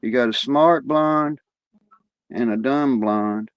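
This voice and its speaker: A man's voice: medium pitch, slow pace, no room sound, muffled recording. A man telling crude jokes in a casual, rambling, profane way. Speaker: joke teller.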